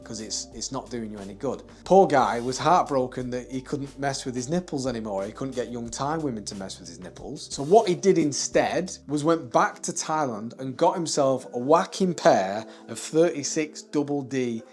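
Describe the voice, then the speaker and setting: A man tells a story in a casual, conversational way, checking in with the listener and laughing along as he goes. His voice sits at an ordinary middle pitch. Faint music plays underneath. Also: moderate pace, hardly any pauses. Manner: lively, laughing, conversational with tag questions. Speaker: tattoo studio owner.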